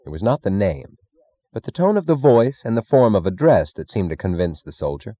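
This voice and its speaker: Deep dark-voiced male narrator. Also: very animated, brisk, no echo, muffled recording. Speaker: audiobook narrator. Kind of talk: scripted narration.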